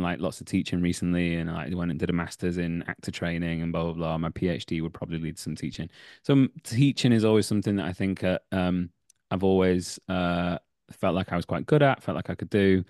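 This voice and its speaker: A man in his thirties, an actor guest, chats in a casual, rambling way, circling back and correcting himself. His voice sits low, and the recording is close and dry. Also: fairly quick, a little mellow, dry recording. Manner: rambling, many fillers and restarts, self-correcting. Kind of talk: casual interview chat.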